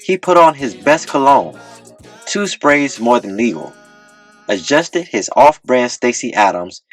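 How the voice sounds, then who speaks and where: A man narrating a comedy audiobook with deadpan comic timing on a close mic. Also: medium pitch, unhurried, faint music behind.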